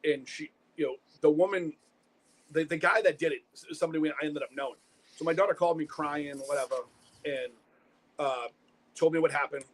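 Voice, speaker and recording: A man's voice: a little high, a little fast. A middle-aged man, co-hosting a casual talk show, blunt and profane as he tells stories. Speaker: podcast co-host. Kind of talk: casual chat.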